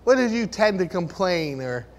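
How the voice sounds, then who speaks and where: A man's voice: high-pitched, sing-song, normal speed, in a large hall. A man preaching a sermon to a room of listeners, earnest and full of rhetorical questions.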